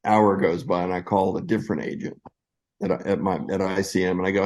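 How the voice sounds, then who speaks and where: Man in his sixties, actor guest, lowish voice, animated storyteller, plays the voices he quotes. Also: fast, poor audio. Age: 60s. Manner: lively anecdotes, acting out quoted voices. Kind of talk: casual interview storytelling.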